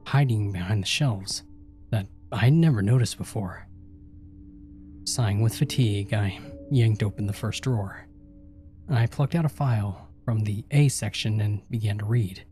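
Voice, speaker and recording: A man's voice: on the low side, dark tone. A man reading first-person horror stories aloud and voicing the characters in the dialogue. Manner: voices each character in dialogue. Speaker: horror story narrator. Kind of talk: scripted horror narration.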